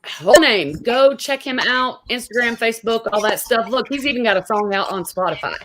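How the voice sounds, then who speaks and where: A woman's voice: a little high, animated, fairly quick, fairly bright tone, a little hiss or hum, low-quality recording. Upbeat woman hosting a show. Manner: upbeat, enthusiastic, chatty. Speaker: show host. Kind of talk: casual interview chat.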